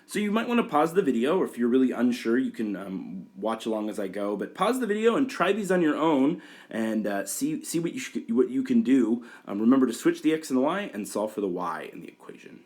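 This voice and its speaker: A man's voice: medium pitch, very animated, a little fast, darkish tone. A man walking through a whiteboard math tutorial, talking each step aloud with fillers and restarts. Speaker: math teacher.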